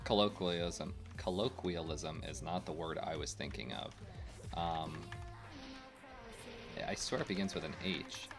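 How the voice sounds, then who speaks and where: A man's voice: low voice, a little slow. A young man streaming a game, chatting casually to his viewers, rambling and opinionated with lots of fillers. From United States. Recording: faint game music behind.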